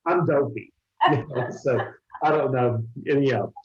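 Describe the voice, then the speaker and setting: A man with an Oklahoma accent interviewing a coworker with quick-fire questions, joking and laughing often. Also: medium pitch. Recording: roomy, dull lo-fi sound.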